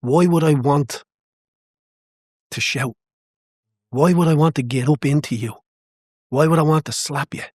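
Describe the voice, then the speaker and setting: A man's voice: on the high side, a little slow, long pauses, darkish tone, slightly rough, no echo, clean studio sound. A man, a boxing coach, talking as a guest in a podcast interview, passionate and emphatic, repeating phrases to drive home his point.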